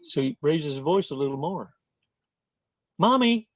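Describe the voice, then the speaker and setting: A man's voice: on the high side, brisk, dark tone, dry recording. A man hosting a casual monologue in a folksy, slangy manner, stretching words out for emphasis. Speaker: host.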